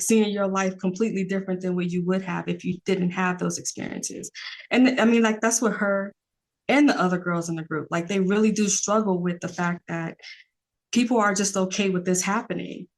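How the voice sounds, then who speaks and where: A woman's voice: medium pitch, normal speed. Earnest woman podcast guest. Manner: earnest, rambling with many fillers. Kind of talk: casual podcast conversation.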